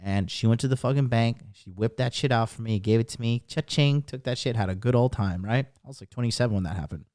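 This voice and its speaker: A man's voice: mid-range voice, quick pace, hardly any pauses, darkish tone, dry recording, studio quality. A man in his thirties hosting a podcast, talking in a brash, profane, emphatic monologue. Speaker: podcast host.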